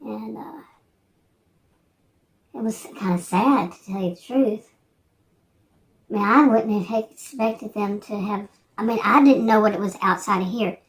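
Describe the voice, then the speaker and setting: A woman's voice: medium pitch, a little slow, pauses often. A woman in her sixties chatting casually on her vlog, wandering from thought to thought with hesitant restarts. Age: 60s. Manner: meandering, hesitant, many restarts and fillers. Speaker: vlogger. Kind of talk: rambling casual chat.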